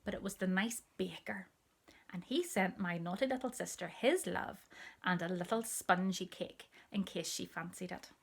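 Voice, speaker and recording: A woman reading a children's story aloud in a gentle, intimate way with soft asides. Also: on the low side, moderate pace, gravelly, slightly rough.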